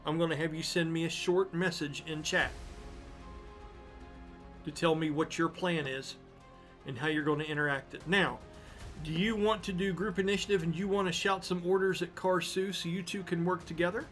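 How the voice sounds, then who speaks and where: A man running a tabletop game as game master, narrating scenes slowly and deliberately. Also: a little high, steady tone, a bit bright, soft background music.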